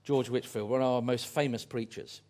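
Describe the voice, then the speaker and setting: A man's voice: mid-range voice, fairly even intonation, fairly quick, darkish tone. A man preaching a sermon, earnest and fond of repeated phrases and pointed questions.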